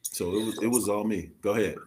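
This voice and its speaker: A man's voice: fairly low pitch, fairly even intonation, fast talker, a little mellow, slight background noise. A man speaking as a guest, telling his story in an earnest, confessional way with casual slang. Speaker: podcast co-host, guest. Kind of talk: candid personal testimony.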